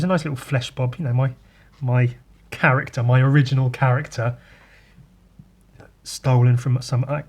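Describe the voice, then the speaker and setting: A man's voice: medium pitch, slightly rough. A man giving rambling, irreverent commentary on his own sketchbook, swearing freely and mocking himself. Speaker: artist showing his sketchbook. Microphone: podcast mic.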